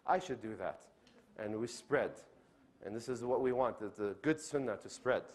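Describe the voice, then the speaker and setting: A man's voice: mid-range voice, moderate pace. A man, a doctor giving an earnest religious lecture, who asks the audience questions, answers them himself and often checks in with "okay?".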